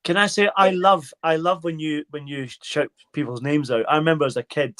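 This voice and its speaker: A man in his fifties joins a live panel as a guest and chats eagerly, reminiscing with a light touch. His voice sits fairly high for a man. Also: fairly even intonation, fairly quick, a bit bright. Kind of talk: casual chat.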